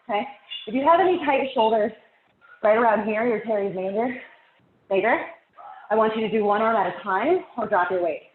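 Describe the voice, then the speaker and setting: A woman's voice: mid-range voice, a little hiss or hum. Breathless woman fitness instructor counting reps. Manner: encouraging, counts down reps, laughs between cues. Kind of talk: live workout class cueing. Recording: tinny phone-like audio.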